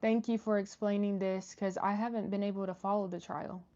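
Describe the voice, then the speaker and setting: A woman's voice: medium pitch, steady tone, a little fast, dark tone, muffled recording. A woman hosting a live stream, chatting casually with viewers and reading their messages, with many fillers and restarts. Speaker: livestream host reading chat.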